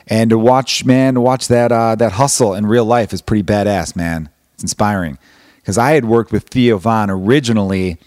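A comedian in his thirties talks loosely into a close podcast mic, cursing freely and poking fun at himself as he drifts from topic to topic. His voice sits on the low side, and the sound is dry and close, with no room around it. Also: darkish tone, no room sound. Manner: profane, self-deprecating, rambling. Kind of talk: casual rambling monologue.

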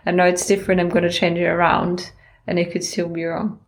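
Lowish, creaky woman, flat and measured, casual book discussion. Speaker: book club participant.

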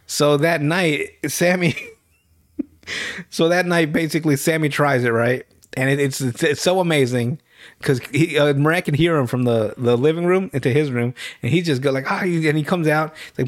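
A man in a loose podcast chat recaps a raunchy episode, slipping into the characters' lines as he goes. His voice sits a little higher than most men's and is recorded close and dry. He keeps breaking into laughter and swears freely. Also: normal speed, dry recording. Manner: laughing storyteller, acts out lines, heavy swearing. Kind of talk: casual profane recap chat.

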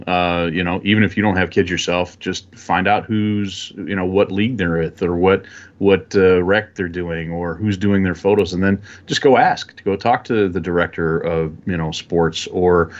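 A man talking as a guest in a relaxed, rambling way with many fillers. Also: low-pitched, highs cut off. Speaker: guest photographer. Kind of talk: casual interview chat.

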